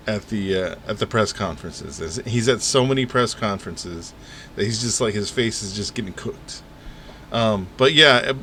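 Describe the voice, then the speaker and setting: A man's voice: lowish voice, fairly bright tone, a little hiss or hum. A man giving casual, mocking commentary on news clips, laughing and rambling between them.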